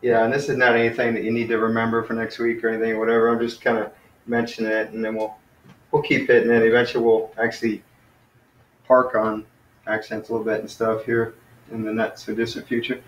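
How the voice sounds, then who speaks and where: A man leads an informal online class, wandering through his points with frequent fillers and restarts. His voice sits in an ordinary middle pitch. The room around him sounds echoey. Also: monotone, fast talker, dull audio, a little hiss or hum. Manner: rambling, lots of fillers and self-corrections. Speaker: teacher.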